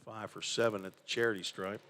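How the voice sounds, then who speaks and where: A man's voice: fairly low pitch, flat delivery, a little fast, sharp tone. A man calling college basketball play-by-play in a conversational way, musing aloud about stats and names. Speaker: play-by-play announcer. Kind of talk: live basketball commentary.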